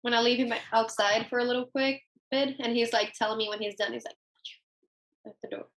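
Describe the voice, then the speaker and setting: A young woman with a slightly high voice chatting casually on a podcast. She tells everyday stories and voices other people's lines, laughing along. The recording sounds rough and homemade. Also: steady tone, a little fast. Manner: storytelling with voiced quotes, laughs. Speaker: podcast co-host. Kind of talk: casual chat. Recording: rough home audio.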